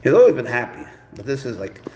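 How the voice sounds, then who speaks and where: A man's voice: medium pitch, very animated, quick pace, darkish tone, a little hiss or hum. A man hosting a casual live stream, talking playfully and coaxingly to his pet cat and calling it bro. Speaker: pet owner and channel host.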